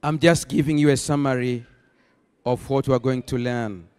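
A man preaching a sermon as pastor, rising into emphatic bursts and slowing to stress key phrases. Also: medium pitch, steady tone, a little mellow, smooth. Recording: long hall reverb.

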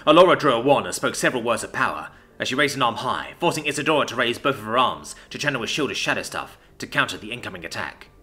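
A man narrates a science fiction story in a bright, forceful voice. His pitch moves in a lively, animated way, and he reads in an expressive, scripted manner.

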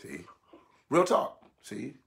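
A man preaching a sermon, animated and colloquial, acting out voices to make his points. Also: mid-range voice, takes it slowly, vocal fry. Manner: animated, mimics voices, laughs.

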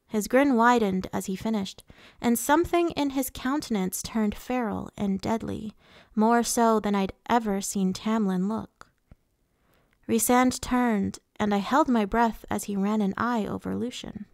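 A woman narrating a novel in the first person, in a measured reading voice. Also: on the high side, gravelly, a little mellow, no room sound, studio quality. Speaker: audiobook reader.

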